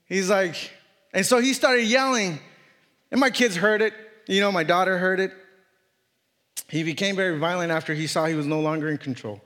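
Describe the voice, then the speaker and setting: A man in his thirties preaching a sermon as a guest speaker, telling a personal story earnestly, with many halting restarts. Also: high voice, a bit bright, big-room sound.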